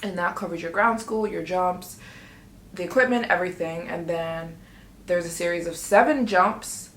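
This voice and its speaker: A woman telling a story in a casual vlog, chatty and excitable, often acting out what she and others said. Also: on the low side, normal speed, a little hiss or hum. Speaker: travel vlogger. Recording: echoey room.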